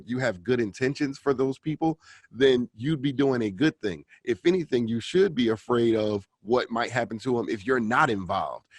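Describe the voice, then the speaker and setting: A man's voice: mid-range voice, no echo. A man on a podcast talking casually and persuasively about selling to friends and family. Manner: casual, persuasive, repeats "right?". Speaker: podcast co-host, car salesman.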